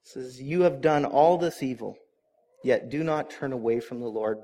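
A middle-aged man preaching a sermon, earnest and animated, with asides to the congregation. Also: medium pitch, normal speed. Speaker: pastor.

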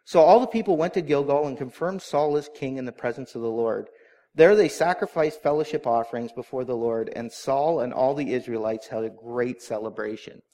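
A man's voice: medium pitch, brisk, dark tone. A man preaching a sermon, retelling a Bible story in a conversational way and briefly acting out the characters' lines. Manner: conversational storytelling, acts out voices. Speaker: pastor.

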